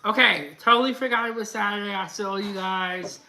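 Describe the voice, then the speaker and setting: A woman's voice: medium pitch, a little fast, sharp tone. A woman hosting a casual live stream, chatting and laughing as she reads out viewer comments.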